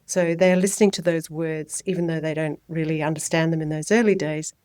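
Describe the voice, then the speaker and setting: A middle-aged woman, a child health nurse and midwife, giving clear, lively parenting advice in a podcast interview. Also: sits low, fairly quick, dry recording, studio quality. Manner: explanatory, lively when voicing babies and parents.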